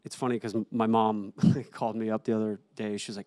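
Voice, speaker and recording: A young adult man, a guest on an interview show, telling a personal story in an earnest, halting way with many restarts. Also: fairly low pitch, flat delivery, darkish tone. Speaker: interview guest, actor and author.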